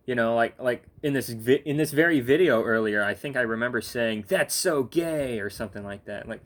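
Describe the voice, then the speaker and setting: Young man, sleepy, rambling, swears a lot, filler-heavy casual rant. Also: medium pitch. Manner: rambling, profane, lots of fillers and restarts. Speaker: gaming vlogger.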